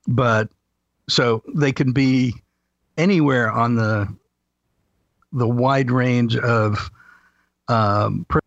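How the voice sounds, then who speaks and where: A man talks in an easy, explanatory way, his voice gravelly with a touch of fry. The sound is dry, with no room around it. It is also slightly muffled and lo-fi. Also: medium pitch, no room sound. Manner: calm, explanatory, matter-of-fact. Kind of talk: casual conversation.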